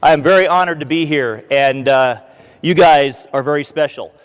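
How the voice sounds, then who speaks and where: An American man giving a conference talk as a keynote speaker, an animated storyteller who acts out what the crowd shouts. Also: fairly high pitch, moderate pace, clear, resonant tone, big-room sound. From United States. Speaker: keynote speaker, retired army colonel. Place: large conference hall.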